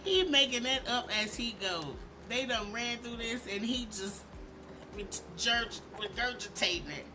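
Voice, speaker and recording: A woman hosting a commentary vlog, talking in an animated, emphatic and sarcastic way. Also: fairly high pitch, measured pace, music in the background. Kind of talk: opinionated commentary.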